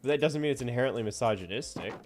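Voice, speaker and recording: A man's voice: medium pitch, darkish tone, a little hiss or hum. A man streaming a game, chatting casually and teasing his viewers with frequent laughter. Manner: playful, teasing, often laughing. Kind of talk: casual gameplay chat.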